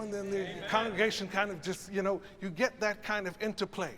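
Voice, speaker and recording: A man's voice: high-pitched, fairly even intonation, fairly quick, hardly any pauses, a bit bright. Man coaching a choir in a reverberant hall. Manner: encouraging, reflective, coaching. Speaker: choral conductor. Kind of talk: teaching a choral masterclass. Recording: reverberant hall, faint ambience.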